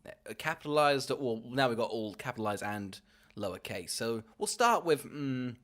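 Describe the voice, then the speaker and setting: A man's voice: mid-range voice, expressive, normal speed, a bit bright. A man co-hosting a podcast, bantering playfully and sarcastically about a film. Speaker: podcast co-host. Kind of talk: casual film review chat.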